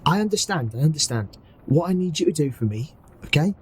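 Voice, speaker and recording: A slimy ooze creature from a tabletop game, faking a Cockney accent to pass himself off as an inspector, as a man puts him on. He talks in a higher register than the player's own voice, calm, earnest and reassuring. A man does the voice with a light hiss of background noise. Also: brisk, close to an everyday voice, rough recording. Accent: attempted Cockney.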